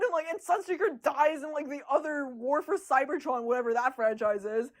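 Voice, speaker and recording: Giggly high-voiced young woman streaming. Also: fairly quick, hardly any pauses. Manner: giggly, excitable, laughs often. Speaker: artist streaming her drawings. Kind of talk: casual livestream chat.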